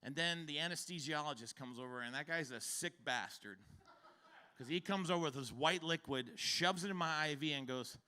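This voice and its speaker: A man in his fifties doing stand-up, with a very bright, forceful tone and a slightly higher-than-average pitch. He tells the story in an animated way, acting out characters and breaking into loud shouted bursts. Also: normal speed. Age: 50s. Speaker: stand-up comedian. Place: comedy stage before a live audience.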